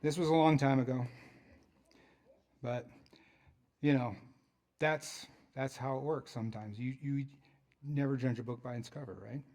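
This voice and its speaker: A man's voice: medium pitch, fairly even intonation, measured pace, long pauses, darkish tone. A man as a pastor preaching a sermon in a church, in a conversational way with joking asides.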